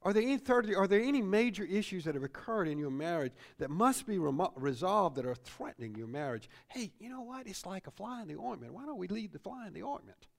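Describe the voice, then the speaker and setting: A middle-aged male pastor delivers a sermon with a high, lively voice that swings up and down. He repeats himself and tags his points with "see?". His delivery is loose and conversational, as if speaking from the pulpit of a church. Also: fast talker, vocal fry, few pauses. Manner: animated preaching, repeats phrases, tag questions like "see?".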